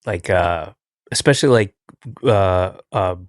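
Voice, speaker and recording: A middle-aged man hosting a podcast in casual chat, teasing his guest with a dry, deadpan manner. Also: low-pitched, a little slow, no echo. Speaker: podcast host.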